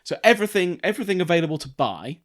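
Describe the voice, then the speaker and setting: A man, co-hosting a casual podcast chat, telling a story in an animated, mocking way and swearing freely. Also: on the high side, racing. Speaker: podcast co-host.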